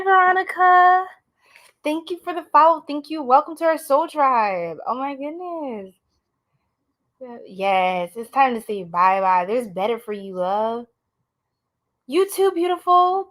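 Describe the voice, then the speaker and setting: A woman's voice: a little high, a little slow. A woman doing a casual live-stream tarot reading, chatting with viewers in a slangy, blunt way.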